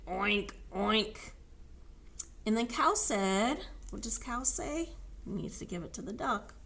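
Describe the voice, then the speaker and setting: A woman, a library storyteller, reading a picture book aloud to children in an animated way and inviting them to join in. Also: medium pitch. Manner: animated, sing-song, coaxing children to join in.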